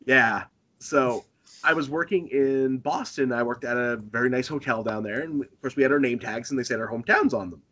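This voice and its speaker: A man from Northern Maine, a pro wrestler guest in a casual interview, telling animated stories and chuckling often. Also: mid-range voice, brisk, highs cut off.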